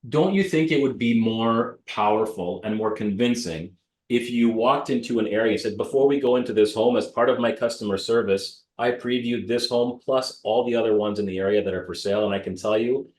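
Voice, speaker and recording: A man in his thirties from Canada, a real estate broker telling blunt, lively stories in an interview and mimicking the people in them. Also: lowish voice, brisk. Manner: blunt, animated, mimics voices in anecdotes. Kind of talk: interview storytelling. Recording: roomy echo.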